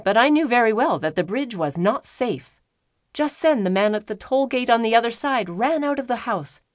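A woman reading a classic novel aloud as an audiobook narrator, in lively storytelling fashion with the characters' lines put on. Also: fairly high pitch, no room sound, studio quality. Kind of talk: scripted narration.

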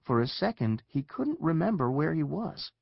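A man narrating a children's story with expressive storytelling. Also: fairly high pitch, moderate pace, gravelly, no room sound, muffled recording. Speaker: audiobook narrator.

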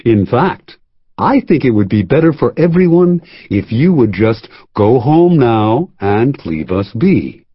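A narrator voicing a smug, unctuous man who speaks slowly and cheerfully. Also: medium pitch, sing-song, husky, no echo, muffled recording. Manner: slow, unctuous, cheerfully cool.

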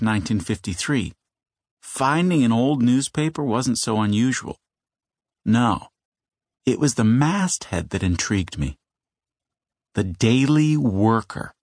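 Guy reading a kids audiobook, mid-pitch, dead dry close mic, slows down for the tense bits. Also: no echo. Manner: measured storytelling, slowing for suspense. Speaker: audiobook narrator. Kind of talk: scripted children's audiobook narration.

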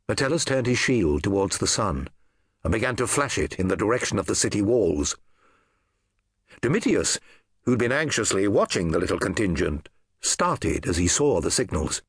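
A man narrating a historical novel audiobook in an expressive storytelling manner. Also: fairly low pitch, moderate pace, husky, no echo, studio quality.

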